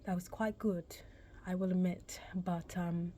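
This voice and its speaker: A woman's voice: fairly low pitch, fairly even intonation, a little slow, mellow, a little hiss or hum, natural voice. A woman voicing a blunt, unimpressed male talent director, putting on a British accent and delivering curt, dismissive verdicts. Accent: British, put on.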